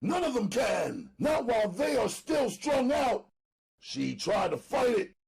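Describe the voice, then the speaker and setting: A man narrating an audiobook dramatically, loud and emphatic, often near shouting. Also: very high voice, sing-song, a little slow, creaky, breathy edge.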